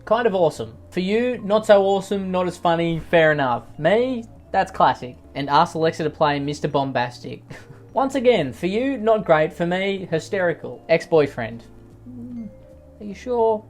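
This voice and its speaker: A man doing comedic commentary on read-out posts, reacting in exaggerated rants with sudden loud outbursts. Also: sits high, animated, normal speed, soft background music.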